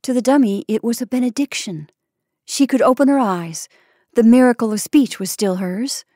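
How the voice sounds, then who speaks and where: A woman narrating an old short story in a measured, expressive reading. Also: on the high side, no room sound, clean studio sound. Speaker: story reader. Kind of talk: scripted narration.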